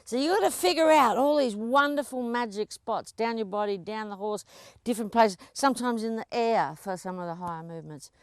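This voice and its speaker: A woman instructor coaching a live riding lesson, chatty and encouraging, often breaking into laughs. Her voice sits a little high, and the sound is close and dry. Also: a little fast, no echo.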